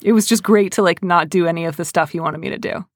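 A young adult woman hosting an advice chat, animated, acting out quoted voices in her stories. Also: fairly low pitch, quick pace, no echo, clean studio sound. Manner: animated storyteller, acts out quotes. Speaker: advice columnist host. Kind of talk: casual chat.

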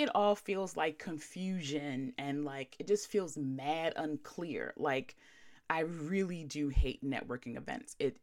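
A woman hosting a podcast, telling a story in a chatty, slangy way with lots of fillers and a blunt, wry edge. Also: low voice. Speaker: podcast host. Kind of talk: casual storytelling.

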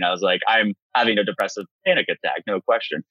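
A man's voice: on the low side, quick pace, hardly any pauses, dry recording, dull audio. Man in his thirties telling his story. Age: 30s. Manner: animated storyteller, acts out quotes. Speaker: guest. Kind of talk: candid personal interview.

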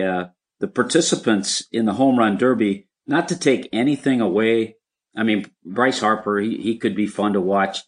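An older man, slightly hoarse, reminiscing in a rambling way as a guest in a casual interview. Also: on the low side.

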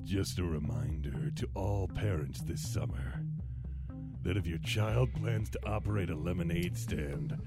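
Man doing gravelly sinister neighbor, stuffy and formal, music underneath. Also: measured pace. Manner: low, menacing, mock-formal. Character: sinister petty male neighbor scolding kids.

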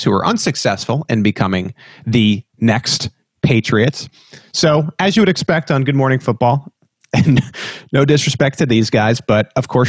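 A man's voice: fairly low pitch, no room sound. Casual sports podcast host, man. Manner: conversational, laughs easily.

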